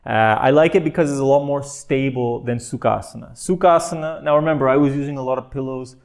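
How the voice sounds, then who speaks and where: A man guiding a meditation lesson in a soft, unhurried, encouraging voice. He keeps things light and playful, often breaking into gentle laughter, and his pitch sits in an ordinary middle range. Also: creaky. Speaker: meditation and yoga teacher. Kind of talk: guided meditation class.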